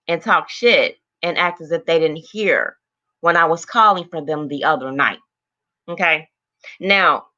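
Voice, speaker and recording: A woman's voice: low-pitched, pushed and bright, muffled recording. Blunt profane woman ranting on a stream. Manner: blunt, heavily profane, greets viewers by name. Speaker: livestream host. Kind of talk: angry livestream rant to chat.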